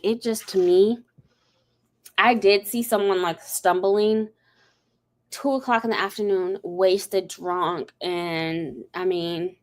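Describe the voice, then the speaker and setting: A woman talking casually on a stream, telling a long story. She rambles with plenty of ums and likes, her pitch sitting in the middle range. Her delivery is loose and conversational. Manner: rambling, animated storytelling with many fillers. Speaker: host. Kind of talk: casual chat.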